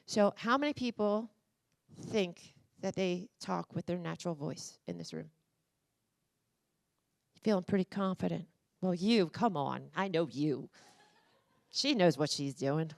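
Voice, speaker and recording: A woman's voice: lowish voice, a little slow, gravelly, pauses often. A woman speaker giving a motivational talk at a conference and coaxing the audience through voice exercises. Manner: energetic, coaxing, talks to the crowd directly. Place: conference room.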